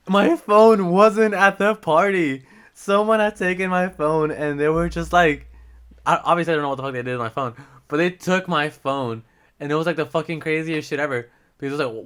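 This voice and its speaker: A man's voice: fairly high pitch, normal speed, a bit bright, smooth. A young man telling a rambling, profane story to the camera as a casual vlog, switching between English and Spanish. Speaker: vlogger.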